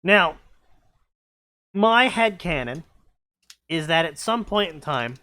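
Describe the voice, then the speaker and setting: A man's voice: on the high side, sharp tone, clear, resonant tone, dry recording. A man joking and rambling while commenting on fanfiction with friends. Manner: rambling, joking, puts on goofy voices. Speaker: co-host reading fanfiction. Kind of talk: comedic commentary chat.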